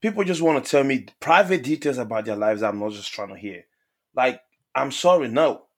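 A man's voice: medium pitch, lively intonation, brisk. A young man in casual podcast chat, exasperated and swearing as he complains.

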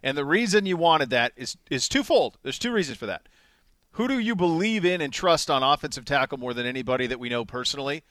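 A man co-hosting a sports talk show, speaking with emphatic, excitable energy and repeating words for stress. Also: fairly high pitch, quick pace, dry recording, studio quality. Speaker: sports radio co-host.

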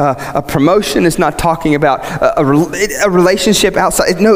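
In a big-sounding room, a man preaches a sermon, posing rhetorical questions and repeating phrases while his voice swings from low to high.

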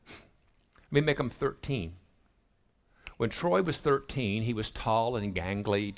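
A middle-aged man with a somewhat low voice preaches in a storytelling manner. He acts out the quoted lines from his family life as he goes. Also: gravelly. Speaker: pastor. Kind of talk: sermon storytelling.

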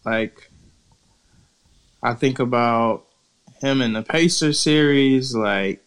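Mid-pitched man, reflective co-host recalling memories. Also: slow, fairly bright tone, clear, resonant tone, rough recording. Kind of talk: casual sports chat.

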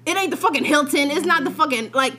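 Profane, animated young woman storyteller. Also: high voice, fast talker, crowd noise. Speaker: podcast co-host. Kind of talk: casual chat, storytelling.

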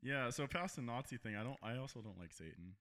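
A man's voice: medium pitch, expressive, fast, a bit bright. A man co-hosting a podcast, chatting casually with crude, goofy interjections. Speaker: podcast co-host. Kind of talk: casual chat.

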